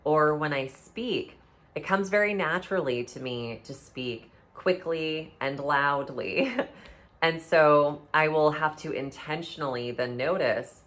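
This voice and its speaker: Very low-voiced woman explaining calmly. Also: takes it slowly. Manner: earnest, restarts phrases, instructive. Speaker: podcast speaker on somatic healing. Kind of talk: casual explanatory talk.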